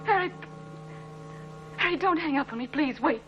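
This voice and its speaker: A woman's voice: high voice, expressive. A desperate tearful woman on the phone. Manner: halting, stammering, pleading. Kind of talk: 1950s TV drama acting. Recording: muffled old TV soundtrack with music.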